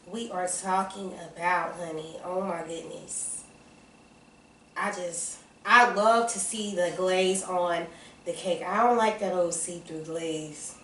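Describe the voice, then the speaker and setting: A woman with a Southern US accent chatting excitedly and casually while baking in her home kitchen, calling her viewers y'all and baby. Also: fairly low pitch, takes it slowly, far from the mic, slight background noise. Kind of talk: casual chat to camera. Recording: roomy kitchen sound, off-mic.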